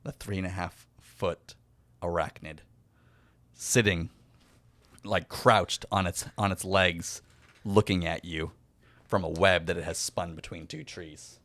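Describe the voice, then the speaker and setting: A man with a very low voice narrates an improvised fantasy adventure as game master. His delivery is relaxed and chatty, and he laughs often. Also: takes it slowly, pauses often, no echo.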